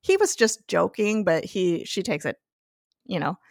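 A woman's voice: fairly low pitch, sing-song, measured pace, creaky, no room sound, clean studio sound. A woman guest on a podcast, casually recapping a TV episode, chatty and laughing often as she acts out what the characters say.

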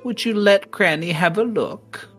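A woman's voice: mid-range voice, measured pace, soft background music, voice pushed up, natural voice. A woman voicing a sly, sickly sweet old hag granny who calls everyone dearie. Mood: sugary scheming.

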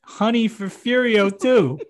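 A crude, blunt middle-aged mob wife, played by a man in a high put-on voice. She sounds sketch-comedy broad and coarse. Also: lively intonation, a little slow. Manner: crude, falsetto-ish raised pitch.

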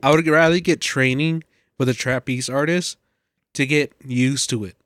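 A man in casual chat, relaxed and thoughtful, musing on his own fears. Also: mid-range voice, normal speed, no echo, clean studio sound.

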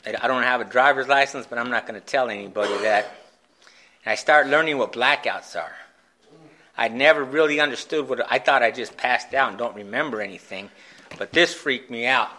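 Candid man with a bright, forceful voice. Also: medium pitch. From Phoenix, Arizona, USA. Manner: candid and self-mocking, halting restarts and acted-out quotes. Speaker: speaker sharing a recovery story. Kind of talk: personal storytelling talk at a recovery meeting.

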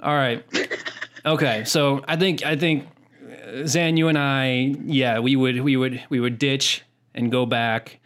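A man's voice: mid-range voice, steady tone, a little slow, a bit bright. A man hosting a podcast in a joking, casual way, often restarting his sentences. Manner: joking, repeats words when starting sentences. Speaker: podcast host.

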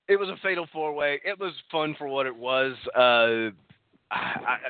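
A man's voice: a little high, expressive, a little slow, smooth, no echo. A man from Texas hosting a casual wrestling recap, talking in a rambling way with lots of fillers and restarts. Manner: rambling, filler-heavy, self-correcting. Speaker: podcast host. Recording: tinny phone-like line.

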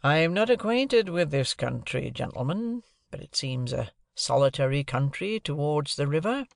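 A man reading an audiobook, voicing a secretive, sly stranger who asks slow, probing questions. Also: a little high, animated, vocal fry, no echo, studio quality. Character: secretive, sly middle-aged male stranger.

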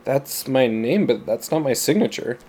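A man's voice: medium pitch, lively intonation, normal speed, mellow, slightly rough. Man doing a bewildered young defendant. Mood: pleading. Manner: earnest, protesting answers. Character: young American man on trial, bewildered and pleading.

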